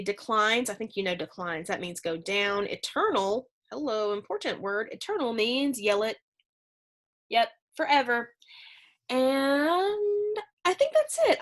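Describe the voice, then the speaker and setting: A woman's voice: a little high, a bit bright. A woman teaching a middle school English lesson in a chatty, conversational way, explaining with fillers and asides. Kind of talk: recorded remote lesson.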